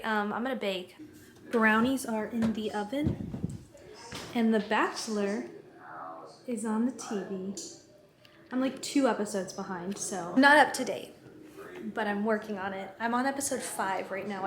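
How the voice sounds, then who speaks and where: A student vlogger in her twenties chats casually to camera at home, moving between the kitchen and the bedroom. Her mid-range voice has a measured pace and frequent pauses, full of "like" fillers and little giggles. The background is noisy.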